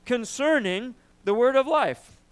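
A man preaching a sermon, emphatic and animated, often asking "right?" and clearing his throat. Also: very high-pitched, measured pace. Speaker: pastor.

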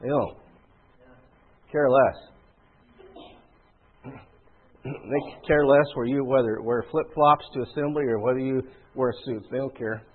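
A man preaching a sermon in a conversational, rhetorical way, often clearing his throat. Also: medium pitch, steady tone, slow, long pauses. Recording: tinny phone-like sound.

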